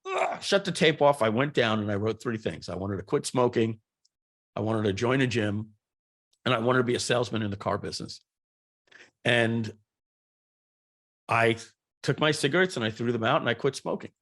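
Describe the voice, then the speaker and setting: A middle-aged man, a guest on a podcast, telling stories in an animated, rambling way and often repeating words. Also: medium pitch, moderate pace, long pauses. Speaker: guest entrepreneur. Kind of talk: podcast interview storytelling.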